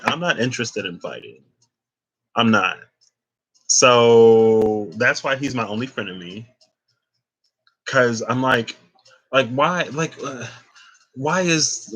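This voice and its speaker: A man's voice: mid-range voice, bright, forceful tone. A man who reads tarot, rambling casually in a chatty monologue. He tells stories full of "like" and acts out the dialogue he quotes. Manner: heavy use of filler "like". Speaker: tarot reader.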